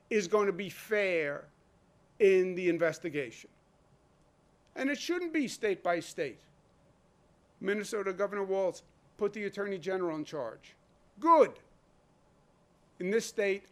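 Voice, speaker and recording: A man giving an emphatic, rhetorical speech at a press briefing as a state governor. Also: sits high. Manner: emphatic, rhetorical, quotes imagined voices.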